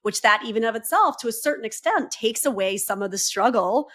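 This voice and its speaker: A woman co-hosting a podcast in casual chat, thinking out loud with many fillers. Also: on the high side, expressive, a little fast. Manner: reflective, talks things through with many fillers. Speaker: podcast co-host.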